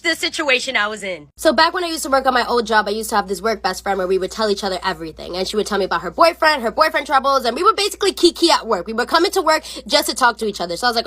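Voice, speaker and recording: A woman's voice: sits high, expressive, rapid-fire, few pauses, pushed and bright. A young woman telling a storytime tale in a sassy, slangy, profane way, acting out the voices she quotes. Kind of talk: casual storytime.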